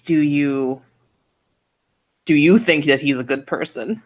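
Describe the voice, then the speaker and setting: A woman playing a tabletop game who speaks in a formal, measured, somewhat hesitant manner in character. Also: low voice. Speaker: player.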